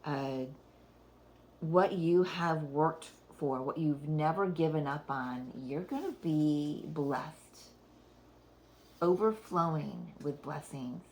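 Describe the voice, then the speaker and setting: A woman's voice: sits low, expressive, slow, a little mellow. A middle-aged woman giving a casual spiritual card reading, rambling and thinking aloud, often breaking into laughter. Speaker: oracle card reader.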